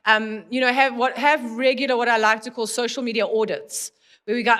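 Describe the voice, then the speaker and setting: A woman's voice: a little high, steady tone, fairly quick, fairly bright tone. A woman in her forties from South Africa, giving a conversational talk on parenting with anecdotal storytelling and frequent restarts. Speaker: speaker on parenting.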